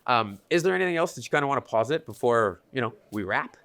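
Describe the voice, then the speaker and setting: A man's voice: mid-range voice, animated, fast, a bit bright, no room sound. A man hosting a casual podcast interview, affable and self-deprecating. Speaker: podcast host.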